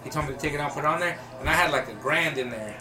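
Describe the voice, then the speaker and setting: A man's voice: on the high side, very fast, a crowd in the background. A man telling a story in casual chat, rambling and swearing constantly, with frequent "you know what I mean" asides.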